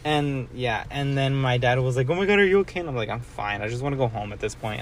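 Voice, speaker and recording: A man's voice: mid-range voice, expressive, fast, few pauses, a little hiss or hum. A young man rambling through a casual story, full of "like" and casual swearing, talking as a co-host.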